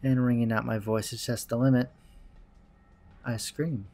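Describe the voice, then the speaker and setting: Male let's play host, gravelly voice, dry wry read of game narration. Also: medium pitch, level tone, a little slow, a little mellow. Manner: dry, wry reading with asides. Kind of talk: reading a visual novel's narration aloud.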